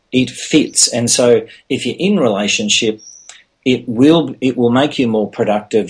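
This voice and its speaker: A man's voice: medium pitch, breathy edge. A man talking earnestly as a guest in an interview, with frequent restarts. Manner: earnest, many restarts and "you know". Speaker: podcast guest. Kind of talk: casual interview talk.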